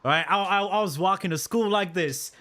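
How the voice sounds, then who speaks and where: A man in his thirties from Canada, a streamer telling a long personal story to his chat in an animated, slangy, profane way, checking in with "right?" again and again. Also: high-pitched, brisk. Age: 30s.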